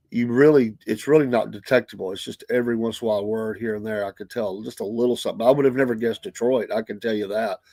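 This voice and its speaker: Middle-aged host, rambling folksy storyteller, dry close mic. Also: male voice, medium pitch, a little mellow, dry recording. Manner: rambling, folksy, many restarts. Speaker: radio show host. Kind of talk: casual monologue.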